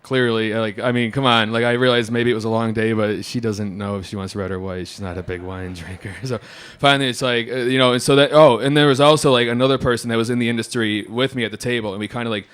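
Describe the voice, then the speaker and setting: Animated man telling a comic story. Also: mid-range voice, fast talker, few pauses, clean tone. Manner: animated, swearing, acting out others in quotes.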